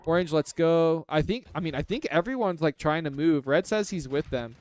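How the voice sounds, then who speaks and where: A man's voice: on the high side, fairly quick, hardly any pauses, a little mellow, a little hiss or hum. A man giving casual live commentary on a strategy game, chatty and analytical, with lots of filler words. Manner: chatty and analytical, heavy use of "like".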